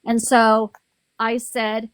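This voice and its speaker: Woman, livestream host, rambling, frustrated, slightly high voice, dry close sound. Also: monotone, drawn-out words, smooth, no room sound. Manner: rambling, frustrated, full of restarts. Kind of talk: casual live-stream venting.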